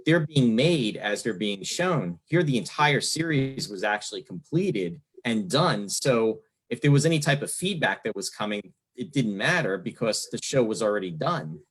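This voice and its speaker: Low-voiced fan host from New Jersey. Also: male voice, very animated, normal speed, hardly any pauses, a bit bright, husky, poor audio. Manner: rambling, enthusiastic fan, many fillers. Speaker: podcast host. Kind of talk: casual interview chat.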